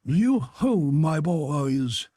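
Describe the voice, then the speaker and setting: A man voicing a jovial, portly old employer in an audiobook, calling out loudly in a rich, hearty, raised voice. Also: sing-song, drawn-out words, no room sound, heavily acted. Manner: loud, booming calls.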